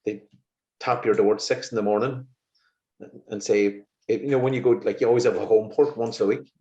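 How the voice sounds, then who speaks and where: Man telling lively anecdotes. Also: fairly low pitch, normal speed. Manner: lively, exasperated anecdotes with laughs. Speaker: musician guest. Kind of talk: casual interview storytelling. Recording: roomy, slightly muffled recording.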